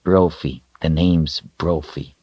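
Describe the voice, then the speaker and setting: A man growling as a gruff talking wolf. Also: fairly even intonation, no echo, muffled recording, heavily acted. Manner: growling, low and slow. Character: large male wolf, gruff, loyal, protective.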